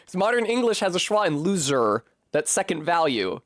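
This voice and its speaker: A man's voice: fairly high pitch, sing-song, fairly quick, hardly any pauses, dry recording. A man streaming a video game, rambling casually and swearing as he goes off on tangents. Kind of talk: casual gaming commentary.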